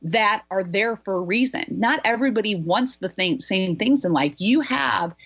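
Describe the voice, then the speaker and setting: A woman's voice: mid-range voice, lively intonation, moderate pace, a bit bright, slightly rough, dull audio. A woman hosting a health talk show, speaking in an emphatic, motivational way. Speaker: health coach, show host. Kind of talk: energetic radio talk.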